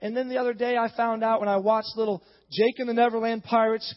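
A man preaching a sermon as pastor, emphatic and building to shouts. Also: very high voice, flat delivery, quick pace. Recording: dull, long-reverb hall sound.

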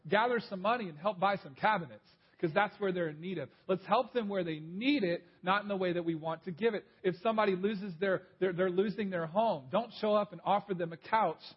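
A man preaching in a husky voice, set a little high for a man, with a dull lo-fi sound. He talks like he is chatting while telling stories, and he repeats his main points. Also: fairly quick, few pauses. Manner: conversational storytelling preacher, repeats key points. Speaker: pastor. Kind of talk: sermon.

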